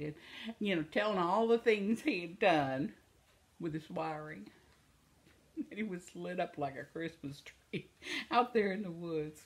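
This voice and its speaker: A woman's voice: on the low side, lively intonation, a little slow, long pauses. An older woman spinning homespun anecdotes for her followers. She rambles from one aside to the next and keeps laughing at her own tales as she goes. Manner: laughs often while telling stories. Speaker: vlogger. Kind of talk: casual storytelling.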